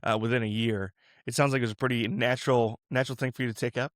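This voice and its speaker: A man's voice: medium pitch, steady tone, quick pace, no room sound, studio quality. A man hosting a podcast, asking questions in an easygoing, chatty way with enthusiastic asides. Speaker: podcast host. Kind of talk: casual interview chat.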